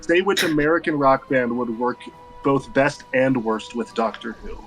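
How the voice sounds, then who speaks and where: A man's voice: mid-range voice, moderate pace, soft background music, low-quality recording. A man chatting casually and teasing his friends. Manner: teasing, relaxed. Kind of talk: casual group chat.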